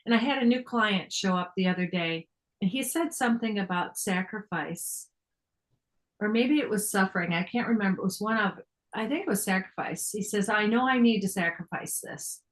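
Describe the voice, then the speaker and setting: A woman's voice: medium pitch, normal speed, rough recording. An older woman giving a reflective spiritual talk, reading passages aloud and explaining them earnestly, often laughing and restarting her phrases. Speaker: speaker sharing on a spiritual text.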